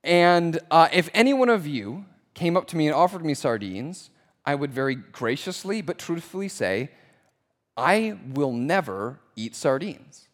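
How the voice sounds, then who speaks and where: A man's voice: fairly high pitch, animated, in a large hall. Emphatic male Bible teacher. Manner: emphatic, slows down to stress key words.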